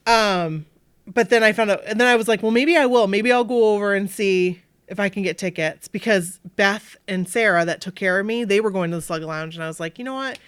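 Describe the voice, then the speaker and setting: In a studio-quality recording without echo, a Maine woman co-hosting a podcast talks briskly in a clean, medium-pitched voice. She animates a long casual story by performing the characters' lines brightly.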